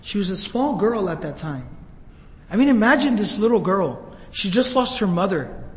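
A man's voice: high voice, very animated, normal speed, big-room sound, poor audio. A man giving a sermon, telling the story emotively and acting out quoted lines. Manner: emotive, retells scenes with quoted voices. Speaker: preacher.

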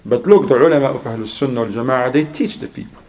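A man giving a religious sermon in English, telling a story and acting out both sides of a conversation in a lively, rising voice. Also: medium pitch, fast talker. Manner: acts out dialogue in an animated, rising voice; non-native English with Arabic religious terms. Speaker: Islamic preacher.

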